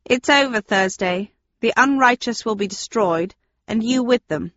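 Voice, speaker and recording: A woman's voice: a little high, measured pace, fairly bright tone, no echo, highs cut off. A woman reading an audiobook, voicing a smug, gleeful villainous man who talks in a sneering, mocking way. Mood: gloating.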